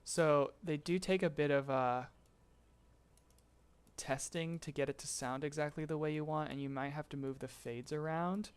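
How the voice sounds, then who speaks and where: A man explaining vocal tuning in a relaxed live-stream tutorial, chatting and laughing with his chat between explanations. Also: fairly high pitch, moderate pace, smooth. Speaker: streamer teaching voicebank tuning.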